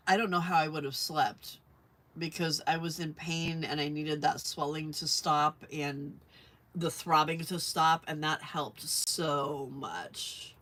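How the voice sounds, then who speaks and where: A chatty woman hosting a relaxed crafting livestream. She rambles in a friendly, casual way, often laughs, and answers viewers as she works. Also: low voice, gravelly. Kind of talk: casual chat while crafting.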